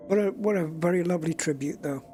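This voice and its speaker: A man's voice: fairly high pitch, fast talker, warm tone, soft background music. A man streaming a space game, chatting in a rambling, casual way and getting easily moved. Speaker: gaming streamer. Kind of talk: casual gameplay commentary.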